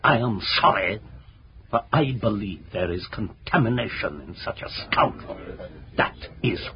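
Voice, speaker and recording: A blustering, pompous lawyer full of scorn, holding forth at length. The voice comes over a muffled old radio broadcast with a faint hiss underneath. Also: male voice, fairly low pitch, animated, a little slow. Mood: scornful. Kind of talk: radio drama acting.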